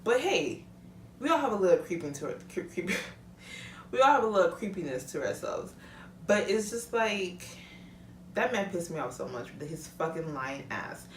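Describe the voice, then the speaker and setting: A woman's voice: on the low side, sing-song, normal speed, slight background noise. A young woman vlogger in a casual, heated rant, talking bluntly and swearing freely. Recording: echoey room, mic at a distance.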